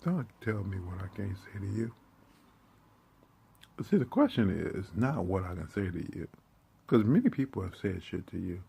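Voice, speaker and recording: A man with a heavily gravelly, low and dark voice, ranting in a profane, confrontational monologue. He drops into hushed, almost whispered muttering, then bursts out loudly. Faint noise hums underneath. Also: very animated, moderate pace, pauses often. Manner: confrontational, swings between hushed muttering and loud outbursts; streetwise slang, heavy swearing.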